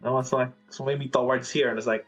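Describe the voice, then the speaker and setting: Excited man playing a tabletop game. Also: medium pitch, brisk, faint music behind. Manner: excited, animated storytelling. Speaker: player. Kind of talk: casual tabletop game play.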